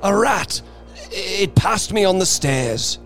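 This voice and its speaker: A trembling old man speaks in a shaky, fearful voice, put on by a male narrator. His voice is pushed higher than usual and shakes with dread. Music plays behind the storybook reading. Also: animated, slow pace, a bit bright, exaggerated voice. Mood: terrified. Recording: reading over background music.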